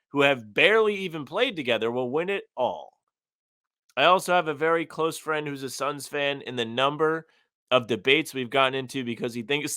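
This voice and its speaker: A man with a bright, forceful voice chats on a sports podcast, reading listener comments aloud and weighing in bluntly. His voice sounds dry and close to the mic. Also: on the high side, no echo. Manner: reads listener comments aloud, opinionated and conversational. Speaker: podcast co-host. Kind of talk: casual sports podcast chat.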